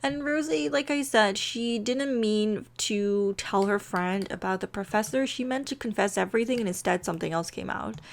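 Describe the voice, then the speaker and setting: A woman's voice: mid-range voice, normal speed, gravelly, few pauses. A woman casually narrating a life-sim game story, rambling along with many fillers. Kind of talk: casual storytelling over gameplay.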